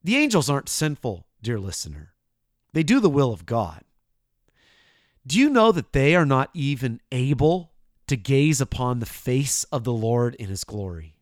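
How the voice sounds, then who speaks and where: A man preaching a sermon, addressing the listener directly, moving between hushed asides and loud proclaimed lines. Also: medium pitch, very animated, moderate pace, no echo, studio quality.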